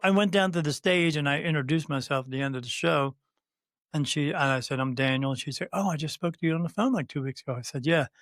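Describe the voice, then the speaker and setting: A man in his fifties, a podcast guest, telling a long personal story in casual conversation, halting with many fillers and restarts and quoting what others said. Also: a little high, no room sound, studio quality. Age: 50s. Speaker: podcast guest, spirit medium.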